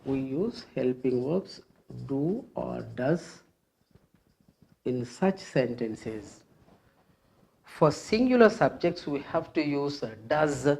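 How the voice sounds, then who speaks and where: Slow, repetitive grammar teacher. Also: medium pitch, animated, creaky, mellow, husky. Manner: patient, repeats each phrase and rule several times; explains step by step with frequent fillers. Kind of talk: classroom grammar lesson at a board.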